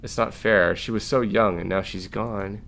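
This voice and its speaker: A man reading the lines of a tender young woman officer in a game, soft and earnest. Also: lowish voice, steady tone, moderate pace, gravelly, slight background noise. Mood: sad.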